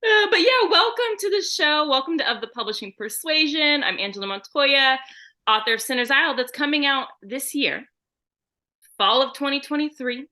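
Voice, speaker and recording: A woman's voice: sits high, lively intonation, normal speed, sharp tone. A woman co-hosting a podcast in casual chat, giggly, playful and self-deprecating. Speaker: podcast co-host.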